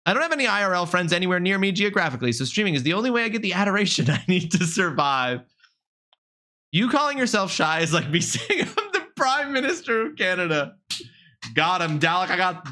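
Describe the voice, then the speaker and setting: A fairly high, bright and forceful male voice, talking casually to a live stream chat on a desk mic. He jumps between playful outrage and quick banter, cursing often and addressing viewers directly. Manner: animated, mock-indignant, swears freely, talks straight to chat.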